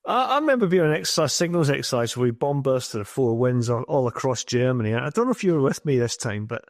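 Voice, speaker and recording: British podcast host reminiscing. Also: male voice, medium pitch, big pitch swings, fast talker, no room sound, clean studio sound. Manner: reflective, reminiscing. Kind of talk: casual chat.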